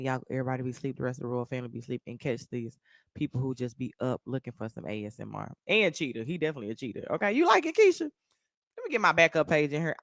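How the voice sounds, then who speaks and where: A woman's voice: low-pitched, no echo, clean studio sound. A woman from Texas chatting casually on a livestream as a podcaster, talking straight to viewers, calling out their names and swearing freely. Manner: animated, profane, reacts to viewer comments.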